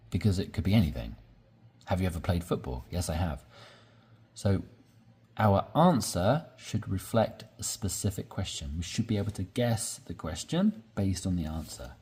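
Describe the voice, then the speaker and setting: A man's voice: low voice, warm tone, slightly rough. A man teaching English conversation, explaining sentence structure step by step and often checking in with "right?".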